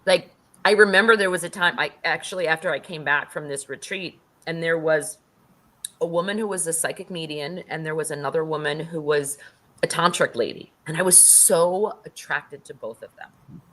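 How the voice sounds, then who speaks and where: A woman's voice: sits low, moderate pace, fairly bright tone. A middle-aged woman speaking as an interview guest, telling a personal story with casual swearing and acted-out quotes.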